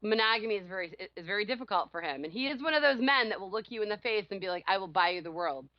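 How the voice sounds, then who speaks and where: A woman co-host tells a story in loose, casual chat. She is animated and quick to laugh. Her voice sits close on a dry, slightly dull studio mic. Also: mid-range voice, dry recording. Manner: animated, laughs often, acts out quotes loudly. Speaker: podcast co-host.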